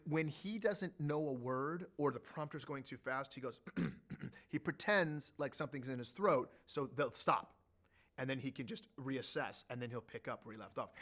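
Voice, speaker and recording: A middle-aged man telling animated stories as an interview guest, his pitch and loudness jumping suddenly. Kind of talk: storytelling in an interview.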